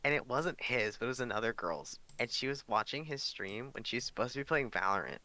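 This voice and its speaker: Talking fairly quickly at medium pitch, this young man co-hosts a podcast. He tells stories with animation in a casual conversation and swears without hesitation.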